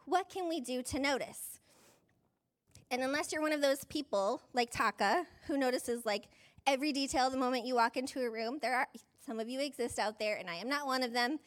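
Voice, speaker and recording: A woman's voice: sits high, moderate pace, a bit bright. A woman pastor giving a conversational sermon, chatty and self-deprecating, often saying "like" and laughing mid-sentence.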